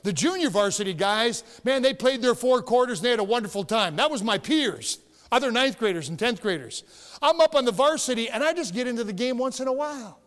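Pastor, male, high-pitched, emphatic storyteller; church hall with long reverb. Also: lively intonation, fairly quick. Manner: storytelling, emphatic, rising to shouts. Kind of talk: sermon. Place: church sanctuary.

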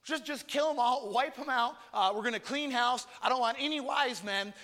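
A man's voice: very high-pitched, normal speed, bright, forceful tone. A man doing a rash, fired-up old king. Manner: blunt, impatient commands. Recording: long reverb in a large hall.

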